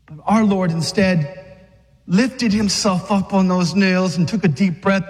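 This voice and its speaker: A man's voice: high voice, a little slow. A man preaching an urgent, fiery sermon to men, exhorting them and acting out scenes. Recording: long reverb of a large hall.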